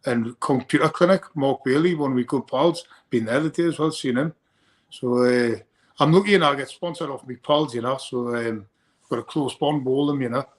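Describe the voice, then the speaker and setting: A young man speaks as a bare-knuckle fighter in a casual interview. His voice sits at an ordinary pitch, and he rambles, repeating words as he starts his sentences. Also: normal speed.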